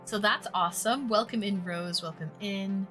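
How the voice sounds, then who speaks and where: A woman's voice: mid-range voice, moderate pace, sharp tone, soft background music. A woman hosting a live stream, chatting playfully and teasing her chat. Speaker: streamer hosting online dates.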